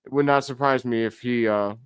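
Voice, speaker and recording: Excitable man calling a game. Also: medium pitch, brisk, clear, resonant tone, no echo, clean studio sound. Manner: excitable fan, talks to chat. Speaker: live stream host. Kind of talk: casual play-by-play commentary.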